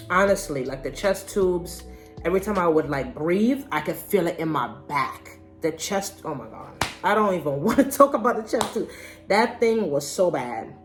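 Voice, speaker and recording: A young woman with a notably deep, low voice tells her own story straight to the camera. Her talk is candid, slangy and conversational, like a casual vlog. Soft music plays faintly behind her. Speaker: vlogger.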